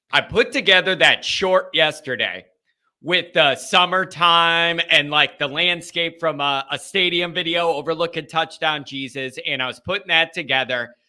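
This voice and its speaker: A man's voice: fairly high pitch, a little slow, bright, forceful tone. A man hosting a sports call-in show, hyping up his listeners with a rallying monologue. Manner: hyped, rallying the audience. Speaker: podcast host.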